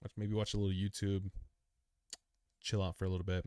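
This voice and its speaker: A man whose voice sits low, with a level tone and a slightly mellow quality, talks fairly quickly; there's a little hiss or hum on the recording. Hosting a crypto live stream and worn out after a long session, he answers viewer comments casually, rambling, laid-back and chummy, calling them dude.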